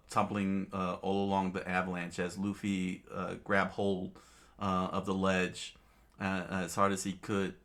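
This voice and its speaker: A man casually reading a comic aloud, halting with many fillers and restarts and chuckling now and then. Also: sits low, fairly bright tone. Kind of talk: casual read-aloud narration.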